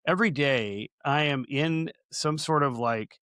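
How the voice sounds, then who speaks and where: A man's voice: fairly high pitch, a little slow, bright, forceful tone, no room sound, studio quality. A man co-hosting a casual podcast, chatty and anecdotal, building vivid comparisons as he talks. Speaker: podcast co-host.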